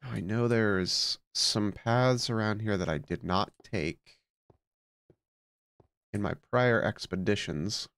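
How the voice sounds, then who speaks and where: A man's voice: fairly low pitch, slow pace, fairly bright tone, clean tone, dry recording. A man commenting casually on his game as a let's play host, sleepy and just woken up, musing aloud with plenty of fillers.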